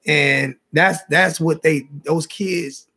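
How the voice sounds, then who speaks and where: A man's voice: a little high, steady tone, slow pace, sharp tone, husky, soft background music. A man hosting a casual fan call-in show in a Southern US accent, loose and repetitive, often restarting his sentences.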